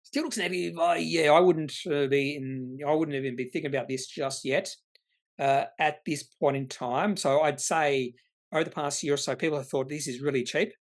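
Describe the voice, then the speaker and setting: This is a man answering viewer questions on his investing channel. His voice sits a little high, and his talk is casual and opinionated, full of restarts and tangents. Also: fairly even intonation, moderate pace. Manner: rambling, opinionated, self-correcting.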